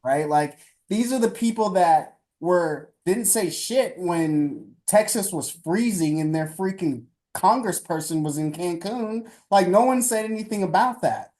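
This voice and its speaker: A man's voice: high-pitched, lively intonation, darkish tone. A man co-hosting a casual podcast, speaking emphatically with frequent restarts and some swearing. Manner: emphatic, halting, with restarts and profanity. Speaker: podcast co-host. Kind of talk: casual political podcast chat.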